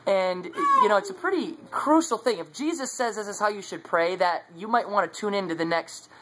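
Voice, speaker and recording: A man's voice: high-pitched, very animated, moderate pace, heavy background noise. A man sharing his faith in a casual devotional talk, earnest and conversational, recorded on a phone. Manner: earnest, conversational, many fillers.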